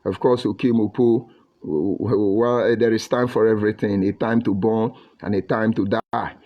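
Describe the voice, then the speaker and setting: A man's voice: on the low side, steady tone, normal speed, dull audio. Combative Nigerian man on a livestream. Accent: Nigerian English with Pidgin. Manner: combative, mocking, preachy. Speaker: livestream commentator. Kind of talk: live broadcast reading viewer comments.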